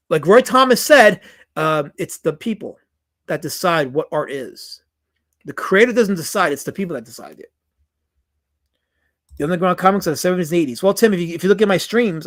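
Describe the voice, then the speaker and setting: A middle-aged man chatting casually on a live stream about comic art, answering chat with wry asides. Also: high-pitched.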